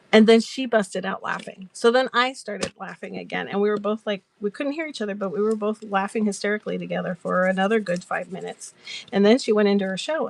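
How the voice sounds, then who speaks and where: A woman's voice: mid-range voice, creaky. A woman hosting a casual crafting chat, telling stories in a giggly, rambling way. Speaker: crafter and live-selling host.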